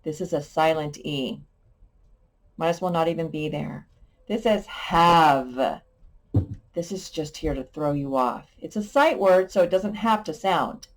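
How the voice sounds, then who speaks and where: A woman's voice: sits low, unhurried. A woman teacher giving a sight word lesson to young children, patient and playful, sounding out letters and adding little sound effects.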